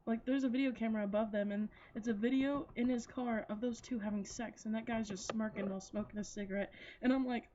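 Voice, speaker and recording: A woman's voice: fairly high pitch, steady tone, a little fast, few pauses, warm tone, lo-fi sound, slight background noise. A woman rambling through a story in casual chat, giggling and swearing freely, full of likes and restarts. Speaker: anime reviewer. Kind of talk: casual chatty plot retelling.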